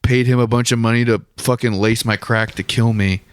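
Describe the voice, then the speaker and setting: A man's voice: mid-range voice, fairly even intonation, brisk, clean tone, dry recording, close to an everyday voice. A man putting on a brash, profane woman in her forties who shrugs off danger and calls herself a survivor. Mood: defiant. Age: 40s. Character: brash streetwise middle-aged woman, tough survivor.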